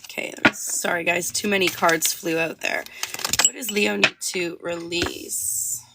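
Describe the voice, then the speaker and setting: A woman's voice: on the low side, steady tone, a little slow, creaky, heavy background noise. A young woman chatting casually on a livestream while reading tarot cards, rambling with lots of fillers. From Canada. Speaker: tarot reader.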